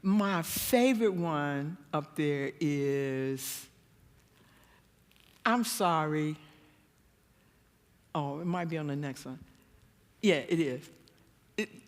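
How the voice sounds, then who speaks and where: A woman giving a church seminar talk, telling stories animatedly and jumping to a high voice when she acts out quotes. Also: lively intonation, takes it slowly, long pauses, long reverb tail. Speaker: guest speaker. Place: church hall.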